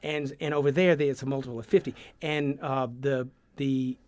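A man with a Southern US accent, a sound effects artist, telling stories in a radio studio interview, rambling and animated with many restarts. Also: mid-range voice, fairly quick, clean tone. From Georgia, USA.

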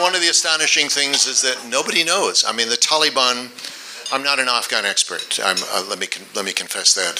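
A man from the United States giving a policy talk and answering questions, measured, often repeating words while he thinks, with dry asides. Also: lowish voice, noisy background. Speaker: policy expert speaker.

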